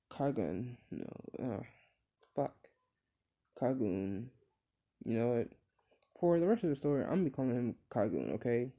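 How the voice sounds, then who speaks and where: A man's voice: mid-range voice, dark tone. A man casually retelling his own fan story, rambling with many fillers and restarts, and swearing when he slips.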